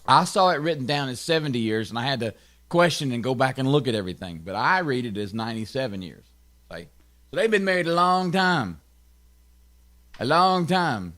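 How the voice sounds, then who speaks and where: A man with a Tennessee accent giving a conversational Bible study, often checking in with his listeners and adding quick asides. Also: mid-range voice, expressive, a bit bright. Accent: Southern US, Tennessee. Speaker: pastor.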